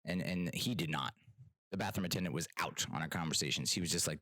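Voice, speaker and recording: A man's voice: low-pitched, fast, bright, forceful tone, dry recording, rough recording. A man hosting his own podcast, telling rambling, self-mocking stories in casual solo chat. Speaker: podcast host.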